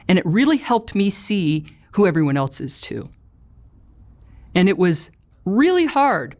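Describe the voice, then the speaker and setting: A middle-aged woman telling her personal story with earnest, emotional storytelling. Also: lowish voice. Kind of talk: personal testimony.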